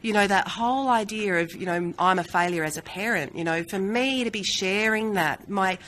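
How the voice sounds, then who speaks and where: A woman hosting a live stream, talking candidly and earnestly about her own inner struggles, with many "you know" fillers and warm, self-reassuring laughs. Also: mid-range voice, normal speed, a little hiss or hum, poor audio. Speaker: host of a personal-growth live stream. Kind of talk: reflective live-stream monologue.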